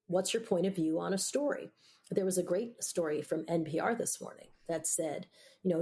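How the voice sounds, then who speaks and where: Middle-aged woman journalist guest; gravelly, low-set voice, candid and opinionated. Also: darkish tone. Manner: candid, opinionated, quick to laugh. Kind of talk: conversational interview.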